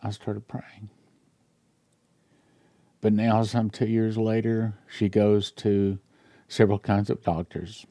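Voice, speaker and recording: A man in his sixties, a pastor, reading a dream account aloud in a sermon and talking earnestly, growing quiet and emotional over a personal story. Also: on the low side, level tone, slow, long pauses, no room sound.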